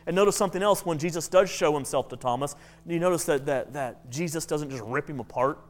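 Male preacher for a class talk, pitched high, lively and repetitive in delivery. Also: fairly quick. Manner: animated, with frequent repeated-word restarts. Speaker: preacher teaching a Bible class. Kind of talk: classroom sermon with storytelling.

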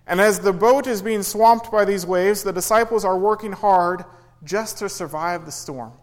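A man's voice: high-pitched, normal speed, rough recording. A man preaching a sermon in an earnest way, rising and falling for emphasis and acting out quoted pleas. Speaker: pastor.

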